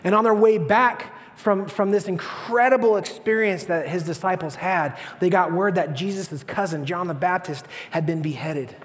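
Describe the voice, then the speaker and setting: High-voiced pastor preaching in a church. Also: male voice, moderate pace, few pauses, big-room sound. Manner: animated storytelling, acting out voices. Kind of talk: sermon.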